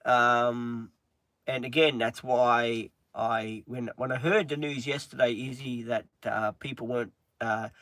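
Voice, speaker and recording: A man chatting on a livestream in a halting, earnest way, with many pauses and restarts, openly upset. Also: medium pitch, fairly even intonation, a bit bright, dry recording. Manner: halting, frequent ums and restarts. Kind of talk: casual livestream chat.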